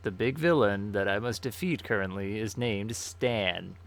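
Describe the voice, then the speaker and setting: A man's voice: on the low side, a little slow, a bit bright. A man streaming a game playthrough, joking casually and reading on-screen text aloud.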